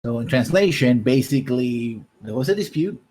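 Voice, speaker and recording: A man's voice: medium pitch, animated, normal speed, a little mellow, husky. A man running a tabletop game as game master, describing scenes at length and often checking in with the players. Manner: descriptive, keeps checking in with "right?".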